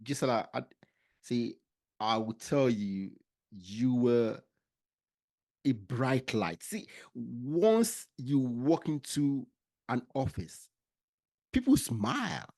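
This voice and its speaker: A woman hosting a podcast, speaking in slow, emphatic, drawn-out phrases. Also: a bass voice, expressive, dark tone. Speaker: podcast host. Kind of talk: interview comments.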